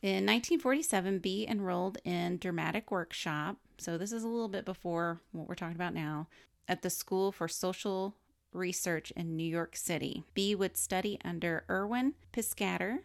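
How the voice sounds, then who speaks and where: A woman co-hosting a relaxed chat podcast, her voice pitched low with a gravelly fry running through it. She reads through her prepared notes in a chatty way, stopping to explain things and laugh along. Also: moderate pace. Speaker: podcast co-host. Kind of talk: casual chat, reading researched biography notes.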